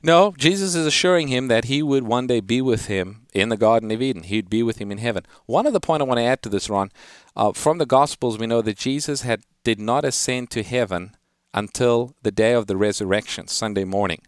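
A man's voice: medium pitch, brisk, clean tone, no echo, clean studio sound. A man hosting a call-in radio show, earnestly explaining Bible verses to callers and quoting scripture in a lifted reading voice. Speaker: radio Bible-answer host.

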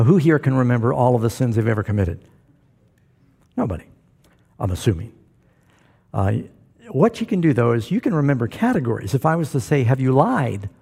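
A man's voice: fairly high pitch, gravelly, warm tone, breathy edge. A man preaching a sermon to a live congregation in a church, folksy and joking, asking the crowd for responses. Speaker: pastor.

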